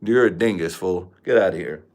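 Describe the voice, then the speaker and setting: A man's voice: sits low, a little fast. Crude rambling man on a home livestream. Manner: crude, rambling, trash-talking. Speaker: livestream host. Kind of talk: crude casual livestream chat. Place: room at home. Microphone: desk microphone.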